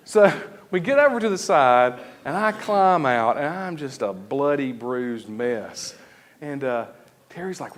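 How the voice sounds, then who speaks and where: Male pastor, unhurried sermon storytelling, lively pitch, slightly high. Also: slight background noise. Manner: animated storytelling with laughs and acted-out shouts. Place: church sanctuary.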